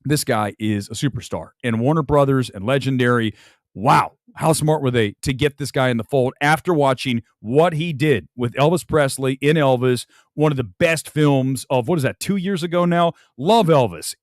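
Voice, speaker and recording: A man's voice: medium pitch, dry recording, clean studio sound. A man hosting a film talk show who speaks straight to his viewers, reviewing movies in an emphatic, blunt, opinionated way. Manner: addresses the audience directly. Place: room with film posters on the walls.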